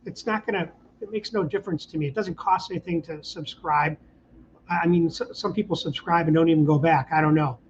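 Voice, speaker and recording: A man's voice: fairly high pitch, steady tone, brisk, highs cut off, slight background noise. A middle-aged man hosting a casual live stream, rambling in an upbeat way and reading out viewer comments. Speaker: channel host. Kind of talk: casual livestream chat.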